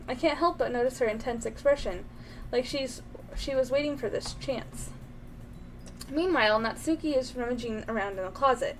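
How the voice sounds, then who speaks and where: A woman's voice: fairly high pitch, normal speed, a little hiss or hum, poor audio. A young woman streaming a game, reading its narration aloud while chatting and cooing at her baby.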